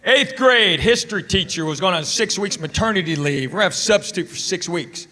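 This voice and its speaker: A man's voice: high voice, lively intonation, fairly quick, roomy sound, low-quality recording. A middle-aged man doing a stand-up comedy set, telling stories and working the crowd. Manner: storytelling, quoting voices, working the crowd. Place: big theater stage. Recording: live theater, loud crowd noise. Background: audience laughter and applause.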